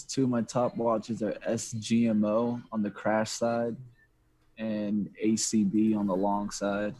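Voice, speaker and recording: Guest trader on a call from a coffee shop, husky, easygoing. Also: male voice, on the low side, warm tone, no room sound. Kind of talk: casual chat and trade rundown. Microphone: remote call audio.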